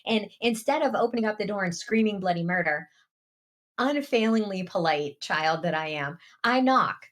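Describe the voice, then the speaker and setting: A woman's voice: mid-range voice, moderate pace. A woman co-hosting a podcast tells a childhood story in an easy, chatty way. Her voice sits at an ordinary middle height, and she laughs her way through the funny parts. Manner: animated, laughing anecdote-teller. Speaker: podcast co-host. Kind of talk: casual storytelling chat.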